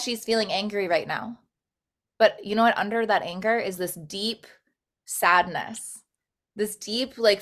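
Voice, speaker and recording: A woman's voice: mid-range voice, fairly bright tone. A woman talking earnestly in a casual spiritual podcast chat, flowing speech full of "like".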